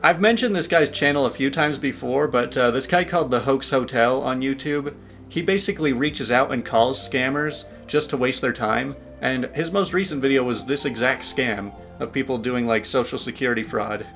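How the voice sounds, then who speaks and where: Guy reading posts out loud, dry and casual, faint music under him. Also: mid-range voice, moderate pace. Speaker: YouTube story reader. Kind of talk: reading online posts with commentary.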